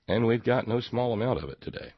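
A man's voice: mid-range voice, expressive, fast, creaky, husky, no room sound, dull audio. A man hosting a talk show, giving a sarcastic, rambling political monologue and repeating words as he goes.

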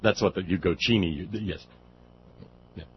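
A sarcastic man hosting a talk radio show, his voice sitting low. He rants combatively and stumbles over fillers as he goes. The audio is dull and lo-fi, with a faint hiss underneath. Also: moderate pace. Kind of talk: political talk radio monologue.

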